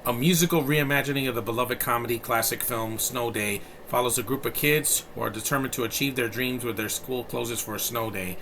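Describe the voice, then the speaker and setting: A man's voice: mid-range voice, a little fast, hardly any pauses, a bit bright, a little hiss or hum. A man in his thirties from New York City, giving a casual and blunt film review, rambling with plenty of fillers and profanity. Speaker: movie reviewer.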